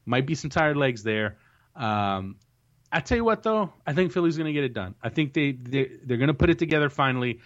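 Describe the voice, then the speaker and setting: A man hosts a soccer podcast, chatting casually and giving confident match predictions while often restarting his sentences. His voice is medium-pitched, animated and a little fast, and the recording sounds dull and lo-fi.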